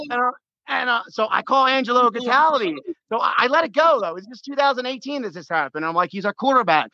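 Calling in to a sports radio show, this middle-aged man from the US spins a long, rambling tale, full of restarts and laughter, in an animated way. He speaks quickly in a very high-pitched voice; the audio is dull, with no room sound.

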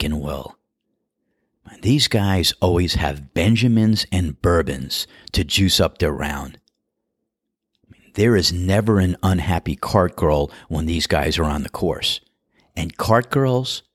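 A middle-aged man hosts a podcast and tells stories in a relaxed, chatty, amused way. His voice is very low. It is recorded on a close mic in a dry, dead space. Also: no room sound. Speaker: podcast host and golf course starter. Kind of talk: storytelling monologue.

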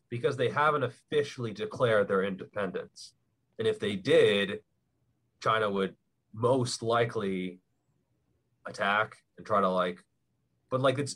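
A young man explaining things in a relaxed, rambling way, with lots of fillers, as a podcast guest. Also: lowish voice, a little slow. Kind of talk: casual chat.

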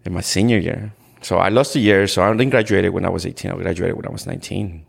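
A podcast guest from Ecuador, this man has a deep, gravelly voice with a steady tone. He tells stories candidly in conversation, sounding earnest but halting, restarting often and leaning on "like."

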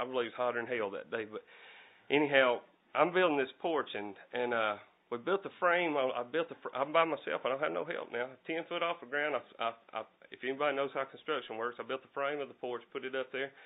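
A middle-aged man preaching a folksy storytelling sermon, repeating and restarting his words. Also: medium pitch. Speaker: lay preacher. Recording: tinny phone-like recording.

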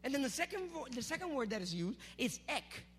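A man preaching to a youth group, energetic and teasing, calling out to the crowd. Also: very high-pitched, fairly quick, slightly rough, faint music behind. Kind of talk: sermon with object lesson.

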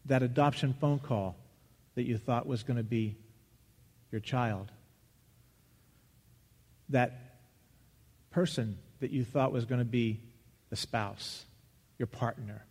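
A man preaching a sermon as pastor, earnest and searching, pausing and restarting as he goes. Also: mid-range voice, steady tone, darkish tone. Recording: long reverb of a large hall.

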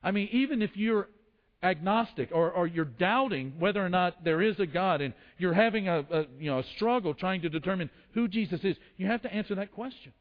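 A man's voice: sits high, lively intonation, a little fast. A man preaching a sermon, telling the story with acted quotes and frequent restarts. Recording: dull lo-fi sound in a long-reverb hall.

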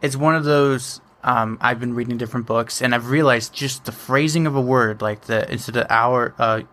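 A man hosting a podcast, chatting in a relaxed way and thinking aloud as he goes. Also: mid-range voice, normal speed. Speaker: podcast host. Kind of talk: casual podcast chat.

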